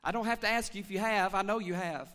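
Pastor, male; high-pitched, forceful, fiery call-and-response preaching in a reverberant church. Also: fast. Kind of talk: sermon. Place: church sanctuary. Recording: long church hall reverb.

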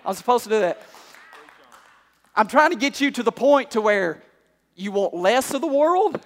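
A male pastor preaching a sermon, calling out to the congregation and climbing to shouts. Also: very high voice, lively intonation, moderate pace. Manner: call-and-response preaching, rising to shouts. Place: church hall. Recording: long hall reverb.

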